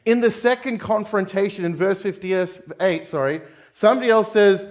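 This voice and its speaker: Brief: Australian man, pastor type, casual but earnest sermon delivery, voice sitting a touch high. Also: normal speed. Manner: conversational, addresses listeners as guys and friends. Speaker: preacher. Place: church.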